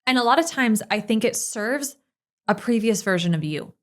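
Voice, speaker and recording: A woman's voice: on the high side, expressive, normal speed. A woman hosting a podcast, talking in a casual, enthusiastic and emphatic way. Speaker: podcast host, business owner.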